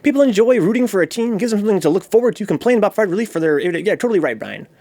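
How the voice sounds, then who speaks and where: A young man hosting a casual stream, excitable and jokey, swearing freely as he chats to viewers at his computer. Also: sits high, rapid-fire. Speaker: streamer hosting a movie-watching show. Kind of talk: casual livestream chat.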